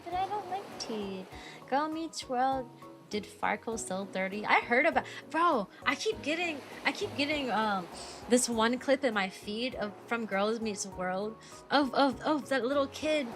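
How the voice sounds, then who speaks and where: A woman's voice: fairly high pitch, animated, moderate pace. A young adult woman streaming as a VTuber, rambling through casual chat with giggles and self-deprecating jokes. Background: background music.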